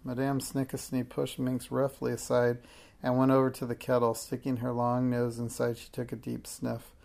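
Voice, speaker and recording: A man narrating a children's storybook aloud in a measured, expressive way. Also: medium pitch, vocal fry.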